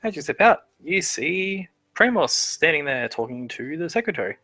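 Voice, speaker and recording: A young man narrating a tabletop game as game master, stammering and restarting, pitching up for the characters he voices. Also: very animated, moderate pace, sharp tone, dry recording.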